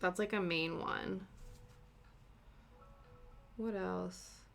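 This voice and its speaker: A young woman with a British accent softened by years in Canada, chatting casually on a live stream while she cross-stitches. She rambles, fills her talk with "like," and laughs easily. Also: fairly low pitch, steady tone, extremely slow, vocal fry, soft background music. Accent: British, softened by long years in Canada. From Britain. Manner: chatty and rambling, heavy with "like" fillers and easy laughs.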